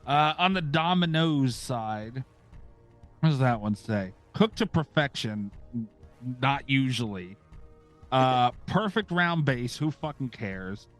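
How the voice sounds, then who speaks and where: A man's voice: medium pitch, lively intonation, slow, faint music behind. A middle-aged man hosting a podcast, chatting casually, ranting sarcastically and swearing freely. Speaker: podcast host.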